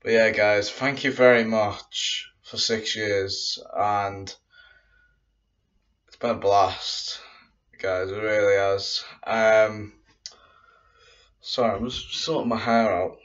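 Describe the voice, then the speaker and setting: A man's voice: on the low side, fairly even intonation, takes it slowly, pauses often, fairly bright tone. A man talking casually to his viewers in a home vlog, rambling and circling back with repeated fillers. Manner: rambling, repeats "but yeah, guys". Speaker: YouTuber saying goodbye to viewers. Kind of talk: casual vlog address to camera. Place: room at home. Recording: dull lo-fi sound, mic at a distance.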